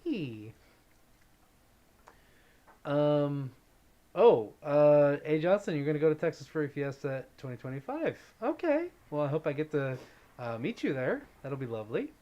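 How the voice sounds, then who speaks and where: A man's voice: fairly high pitch, very animated, a little slow, pauses often, dull audio. A man hosting a casual livestream, chatting and reading viewer comments aloud in an upbeat way, greeting viewers by name. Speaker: livestream host.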